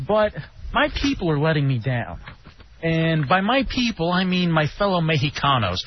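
Animated high-voiced male radio host. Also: normal speed. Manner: animated, joking, jumping pitch. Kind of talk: casual radio talk. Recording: dull lo-fi broadcast with faint hiss.

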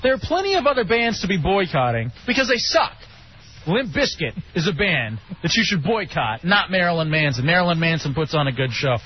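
A man hosting a casual radio talk show, joking and animated. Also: a little fast. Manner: animated, joking, jumping pitch. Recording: dull lo-fi broadcast with faint hiss.

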